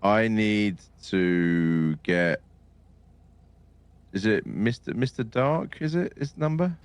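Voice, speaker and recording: A man's voice: lowish voice, takes it slowly, clear, resonant tone, no echo. A man chatting casually with another player during a game role-play, teasing and laughing between words.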